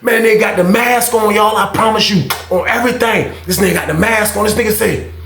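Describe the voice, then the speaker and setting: Man, storyteller, gravelly and fairly high voice, animated and profane, recorded with a roomy echo. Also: fairly quick. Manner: animated, profane, talks straight to viewers. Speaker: storyteller, channel host. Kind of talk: casual prison storytime.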